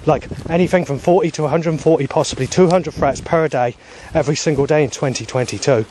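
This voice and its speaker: A man's voice: fairly high pitch, quick pace, warm tone, a little hiss or hum. A man vlogging outdoors on a walk, talking agitatedly with heavy swearing into a handheld camera. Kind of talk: rambling outdoor video diary. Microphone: handheld camera he stops himself.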